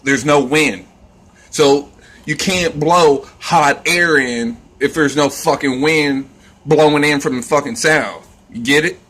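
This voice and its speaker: A man's voice: fairly high pitch, takes it slowly, fairly bright tone. A man ranting in a casual vlog, rambling and scornful, swearing constantly. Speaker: vlogger.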